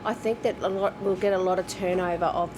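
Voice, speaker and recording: A woman's voice: on the low side, fairly even intonation, fast talker, noisy background. A woman speaking in a news interview, upbeat and practical.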